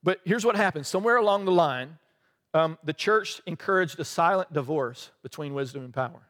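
High-voiced preacher in a reverberant hall. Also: male voice, animated, brisk, a bit bright. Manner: conversational, laughing asides, frequent "right?". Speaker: pastor. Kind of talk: sermon.

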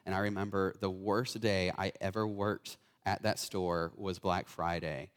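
Young man, guest preacher, informal chatty sermon, slightly low voice, reverberant hall. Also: level tone, unhurried. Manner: casual, talkative, lots of fillers and self-corrections. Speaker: guest speaker. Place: church hall.

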